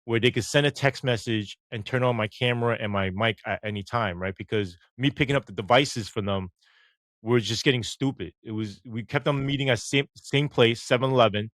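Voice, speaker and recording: A middle-aged man, a former police officer telling stories in an interview, animated and swearing casually as he acts out the dialogue. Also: medium pitch, fairly quick, no echo. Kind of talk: storytelling interview.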